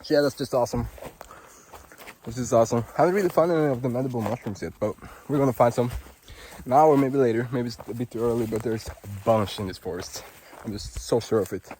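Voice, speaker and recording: A man's voice: mid-range voice, quick pace, a little hiss or hum. Gushing Norwegian-accented man outdoors. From Norway. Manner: excitable, gushing, rambling with lots of fillers. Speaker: vlogger. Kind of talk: casual walking vlog. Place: outdoors in a forest on a hot day.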